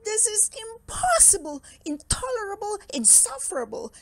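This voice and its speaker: A woman voicing a grumpy male bear who hates visitors, with loud, exasperated outbursts, in a storybook read-aloud. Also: high-pitched, level tone, slow pace, no echo. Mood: furious.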